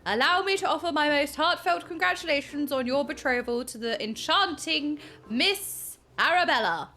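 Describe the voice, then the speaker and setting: A woman voicing a flamboyant gentleman inspector, vain and theatrical, in a grandiose manner, as she reads game dialogue aloud. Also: high voice, normal speed, soft background music.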